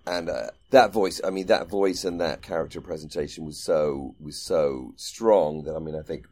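A man with a very deep, dark, mellow voice co-hosts a podcast, chatting in a loose, friendly way at normal speed. He rambles and thinks out loud, circling back with ums and restarted phrases as he works toward his point.

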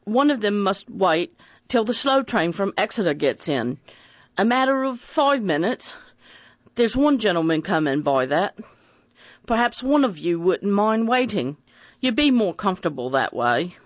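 A narrator voicing a polite male taxi driver with a soft Devon accent, in a dull, dry recording. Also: medium pitch, big pitch swings, a little slow, dry recording, voice pushed up. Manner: soft, courteous.

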